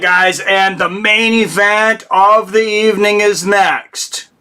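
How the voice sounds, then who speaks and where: A man's voice: on the high side, pushed and bright. A man hosting a live fight stream, chatting casually and rambling as he thanks his viewers and donors.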